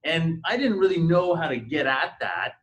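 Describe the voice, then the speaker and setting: A man's voice: a little high, very animated, normal speed, fairly bright tone, muffled recording. A middle-aged man speaking on a conference panel, telling his story in a hesitant, conversational way with many fillers and restarts. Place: university conference room.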